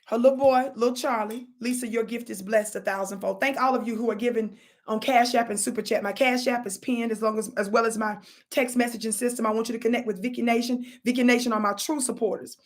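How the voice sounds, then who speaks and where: A woman hosting a live stream, telling a story to viewers in an animated, preachy call-and-response style. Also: a little high, fast talker, few pauses. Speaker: livestream host. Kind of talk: casual livestream storytelling.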